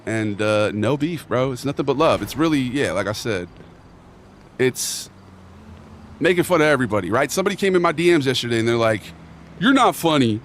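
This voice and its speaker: A young man talks loosely to his live chat, piling on slang and circling back on himself. His voice sits in an ordinary middle pitch. Faint car and street noise runs under him outdoors. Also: expressive, a little fast. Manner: rambling, slangy, reads chat aloud. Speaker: streamer. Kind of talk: casual live-stream chat.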